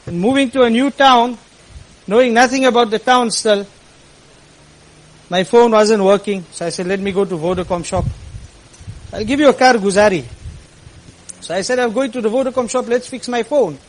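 A man telling a personal story to an audience, animated and acting out the people he quotes. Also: high-pitched, moderate pace, pauses often, slight background noise, low-quality recording.

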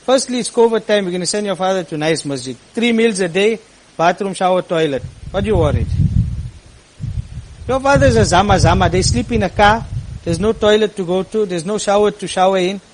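Imam, high tenor-ish voice, earnest sermon storyteller, surges into impassioned peaks. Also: male voice, a little fast, a little hiss or hum, rough recording.

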